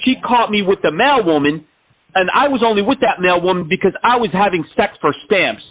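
A man with a high voice makes a prank call and rambles through one exaggerated complaint after another. The sound is thin and narrow, the way a phone line sounds. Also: animated, a little fast, breathy edge. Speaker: scambaiter prank caller.

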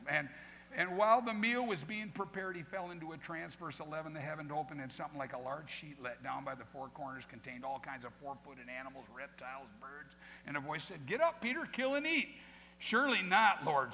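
Animated pastor preaching in a reverberant church. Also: male voice, a little high, gravelly. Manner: animated, acts out quoted voices, folksy asides. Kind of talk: sermon. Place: church sanctuary. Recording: long hall reverb, faint noise.

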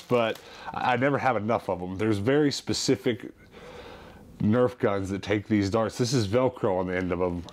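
A man vlogging about his thrift store finds in an animated, chatty, jokey way. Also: fairly low pitch, slight background noise. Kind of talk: casual chat.

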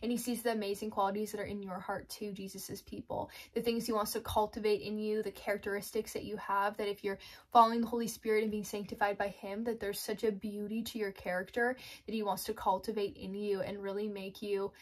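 A woman talking casually about her faith, speaking straight to her listeners in a chatty, unscripted way. She laughs often and slips into little acted-out bits of her own inner voice. Her pitch sits in the middle for a woman. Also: level tone, a little fast. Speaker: Christian devotional vlogger. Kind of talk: casual faith talk to camera.

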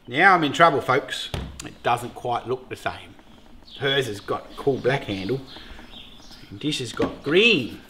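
A middle-aged Australian man hosting a beekeeping vlog, chatting casually in a jokey, excitable way and swearing freely. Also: a little high, background noise. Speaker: beekeeper host.

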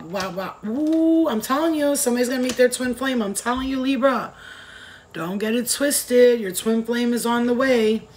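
A woman giving a casual tarot reading to camera, excitable and exclamatory, swearing freely. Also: medium pitch. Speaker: tarot reader. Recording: noisy recording with clicks.

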